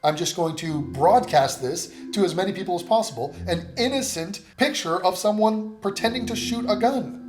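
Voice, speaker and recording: A man making heated reaction commentary, sarcastic and profane, with rapid-fire rhetorical questions. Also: high-pitched, over music. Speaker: commentary YouTuber.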